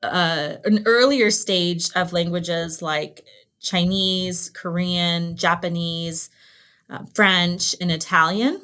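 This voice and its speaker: A woman's voice: lowish voice, takes it slowly. A middle-aged woman being interviewed about her family's language learning, talking casually and acting out quoted lines with laughter. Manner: animated storyteller, acts out quotes with laughs. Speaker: guest, founder of a language program.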